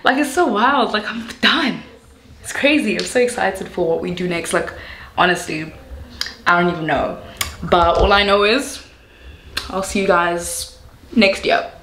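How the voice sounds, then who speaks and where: Animated young South African woman, echoey room. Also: medium pitch, a little slow, long pauses. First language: Zulu. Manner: animated storytelling, mixing in Zulu phrases. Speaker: YouTuber. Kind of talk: storytime vlog.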